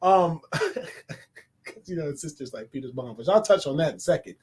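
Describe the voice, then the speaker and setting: A man giving a casual, animated movie review, laughing often and talking in loose slang. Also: a little high, normal speed, slightly rough. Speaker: film reviewer.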